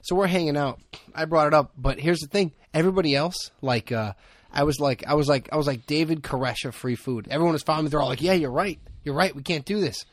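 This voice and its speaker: A man's voice: a little high, fast talker, dry recording. A man, hosting a podcast and telling rambling, jokey stories in casual chat. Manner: joking storyteller, rambling asides. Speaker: podcast host.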